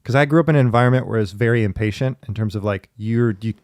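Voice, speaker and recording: A man in casual conversation, telling stories in a chatty, lively way with laughing asides. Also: on the low side, fast talker, dry recording. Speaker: podcast guest in therapy talk. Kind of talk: casual storytelling.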